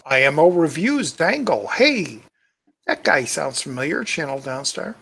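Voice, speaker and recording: A man's voice: fairly high pitch, sing-song, unhurried, vocal fry, a bit bright, husky. A tired man hosting his own channel, chatting casually and reading viewer comments aloud in a rambling, muttering way. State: tired, yawning. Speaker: YouTube channel host. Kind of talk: casual live-stream chat.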